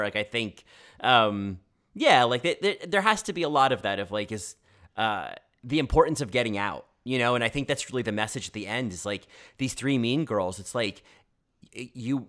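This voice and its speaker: A man's voice: medium pitch, expressive, normal speed, fairly bright tone. A man talking casually about a film, full of filler words and restarts. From United States. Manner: chatty, many filler "like"s and restarts.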